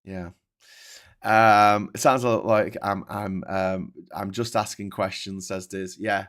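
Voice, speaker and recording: A man's voice: lowish voice, steady tone, slow pace, fairly bright tone. A man hosting a casual livestream, reading viewer comments and ranting with lots of swearing and restarts.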